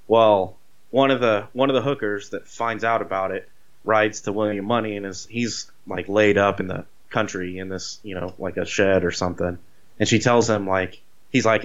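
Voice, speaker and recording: A man casually retelling a movie plot, rambling and animated, with swearing. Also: fairly low pitch, normal speed, highs cut off. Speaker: podcast co-host.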